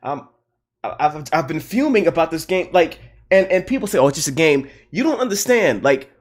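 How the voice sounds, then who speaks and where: A man's voice: fairly high pitch, animated, brisk. Streamer host, male, casual and fired up, repeats lines for emphasis, swears a lot. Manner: repetitive, heated, swearing, laughing. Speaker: livestream host. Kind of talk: casual livestream rant.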